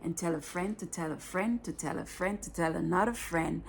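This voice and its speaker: A Jamaican woman tells her own story for her vlog in a low, gravelly voice, taking her time over every line. She speaks plainly and often sinks into a breathy whisper. Faint noise hums under the recording. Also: moderate pace. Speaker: vlogger telling her life story.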